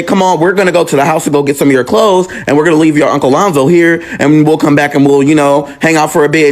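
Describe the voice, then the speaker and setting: A young man recounting a personal story, animated and raw, acting out the voices of the people in it. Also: medium pitch. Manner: animated, acts out quoted voices with profanity.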